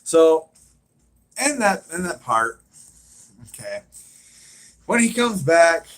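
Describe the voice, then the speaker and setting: A man's voice: fairly high pitch, big pitch swings, takes it slowly. A man hosting a live stream, chatting casually and rambling as he retells scenes with lots of fillers.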